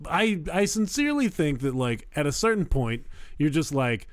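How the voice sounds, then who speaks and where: A man's voice: on the high side, sing-song, normal speed, no room sound. A man co-hosting a podcast, dry and reasoning, often laughing through his lines. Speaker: podcast co-host. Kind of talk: casual comedic banter.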